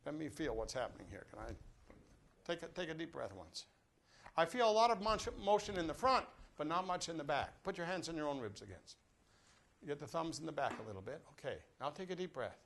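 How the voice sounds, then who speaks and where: A slightly high, gravelly male voice with lively intonation, a brisk pace, and a fairly bright tone. An older man leads a brass master class through breathing exercises, mixing jokes with direct coaching in a classroom or rehearsal room before a live audience.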